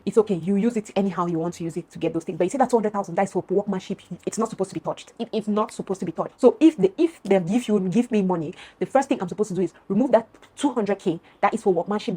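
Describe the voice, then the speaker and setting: A woman's voice: medium pitch, breathy edge. A young woman from Cameroon vlogging casually, telling a long story to her viewers and acting out both sides of an argument. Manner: animated, addresses viewers as "guys", acts out both sides of a dispute.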